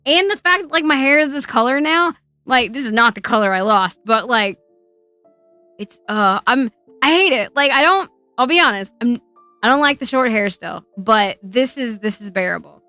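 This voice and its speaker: A woman's voice: a little high, expressive, normal speed, sharp tone, no room sound, faint music behind. A young woman streamer rambling in casual chat, swearing often and laughing as she talks. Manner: laughs a lot while talking. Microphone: wearing earbuds.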